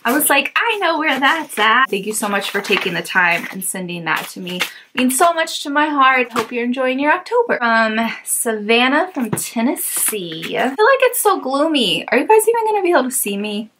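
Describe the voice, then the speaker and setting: Gushing, excitable woman vlogger. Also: sits high, normal speed, hardly any pauses, background noise. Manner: gushing, excitable, bursts into squeals. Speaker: YouTube host. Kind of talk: casual haul vlog, opening mail.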